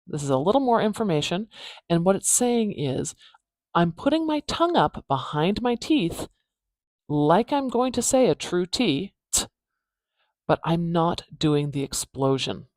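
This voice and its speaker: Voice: medium pitch, sing-song, a little mellow, dry recording. Dry-voiced pronunciation teacher. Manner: repeats words slowly to demonstrate sounds, with filler pauses. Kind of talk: online pronunciation lesson.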